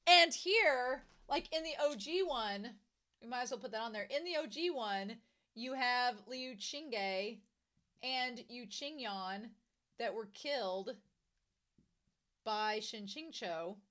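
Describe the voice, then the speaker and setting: A young woman casually discussing a novel she is reading, animated and jumping to excited high notes. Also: slow. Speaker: book reviewer.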